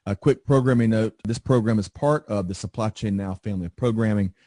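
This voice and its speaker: Man, podcast host, upbeat, mellow low voice, dry close sound. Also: brisk, no room sound. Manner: upbeat, enthusiastic, with frequent repeated words. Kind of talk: podcast interview hosting.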